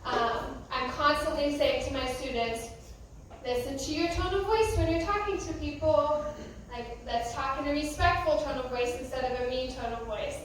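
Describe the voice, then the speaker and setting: In a church youth room, a young American youth pastor delivers a relaxed, chatty sermon to the youth, using lots of filler words. She has a high voice and speaks at a normal speed. Captured from a distance in an echoey room, the clip carries slight background noise.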